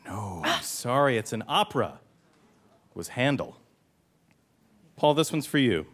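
A man's voice: mid-range voice, unhurried. A man running a quiz game, explaining the rules and reading clues with dry jokes. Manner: dry, jokey, animated delivery. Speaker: quiz master.

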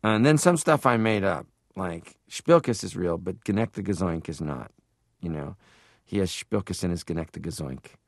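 A man from Canada, a comedian guest, talking casually and at length in an interview, animated, stopping to laugh. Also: low voice, moderate pace, dry recording, studio quality. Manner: rambling, animated, stops to laugh.

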